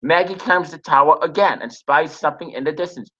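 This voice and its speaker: A man with a slightly high voice reads a TV recap and then shares his own review. He stops and restarts often and fills pauses as he goes. The recording sounds dull and lo-fi. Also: fairly bright tone. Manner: halting, frequent restarts and pauses. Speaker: TV episode reviewer.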